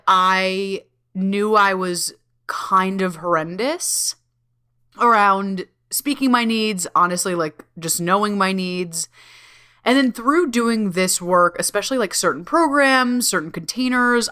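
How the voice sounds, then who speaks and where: Bright, giggly woman podcast host. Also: mid-range voice, animated, slow, clear, resonant tone. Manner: bubbly, giggly, swears freely, many fillers. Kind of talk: casual solo podcast talk.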